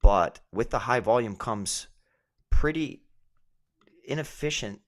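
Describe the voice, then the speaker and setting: A man, a fighter and co-host, chatting casually about fight betting in a relaxed way, thinking aloud with many asides. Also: medium pitch, slow. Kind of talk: casual sports betting chat.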